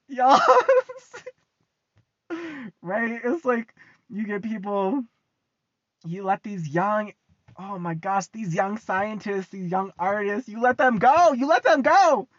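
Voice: mid-range voice, animated, slow, pauses often. A young American vlogger rants casually to the camera, swearing freely, repeating lines and breaking into frequent laughter. The recording sounds muffled and lo-fi, with a close, dry sound and no room echo. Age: young adult. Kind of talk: casual ranting monologue.

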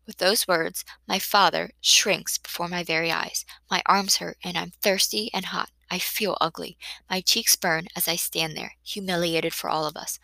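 A woman narrating a first-person novel in an expressive, emotional reading on a close studio mic. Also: fairly low pitch, normal speed, creaky, no room sound, low-quality recording. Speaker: audiobook narrator.

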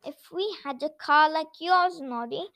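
A woman's voice: high voice, a little slow, pushed and bright, full character voice. A woman voicing a scheming male goblin who talks in a persuasive, wheedling way.

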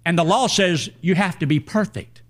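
An older man preaching a sermon, telling a personal story in a folksy, animated way. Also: sits high, moderate pace.

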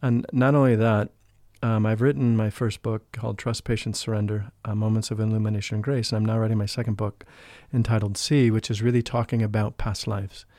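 Earnest guy telling his spiritual story, low mellow voice, dry close sound. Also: flat delivery, brisk, hardly any pauses, dry recording. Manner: earnest, emotional, drops to a hushed voice for quotes. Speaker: podcast guest, spiritual life coach. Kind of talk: storytelling in a casual interview.

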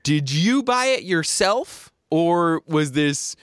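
A man's voice: a little high, lively intonation, slow pace, fairly bright tone, dry recording, studio quality. A man hosting a podcast in casual chat, joking, laughing often and acting out little scenes. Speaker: podcast host.

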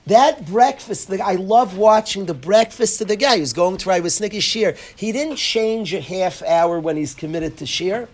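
A man gives a Torah lecture to students. He speaks earnestly, repeating his points and mixing in Hebrew and Yiddish terms. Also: sits high. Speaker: rabbi teaching in a yeshiva.

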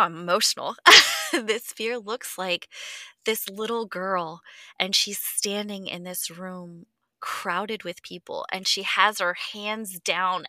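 Bright-voiced woman, candid and earnest. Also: medium pitch, no room sound. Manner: earnest and reflective, swears freely, sometimes drops to a near whisper. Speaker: podcast host. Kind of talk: candid conversational chat.

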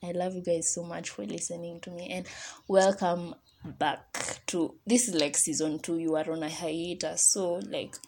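Young female podcast host, casual and encouraging, soft mellow tone, lots of filler words. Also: on the low side, breathy edge. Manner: chatty, heartfelt, encouraging, with many "like" fillers. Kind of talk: casual solo podcast talk.

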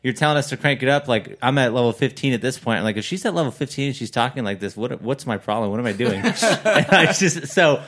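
A man's voice: mid-range voice, expressive, fast, few pauses, a bit bright. A man hosting a podcast interview, asking long rambling questions with lots of jokes and laughter. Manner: rambling, jokey, laughs often.

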